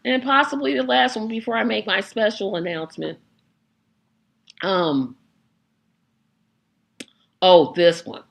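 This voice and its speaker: Animated woman in casual political chat. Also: on the high side, gravelly. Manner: animated, acts out quoted reactions. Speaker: host.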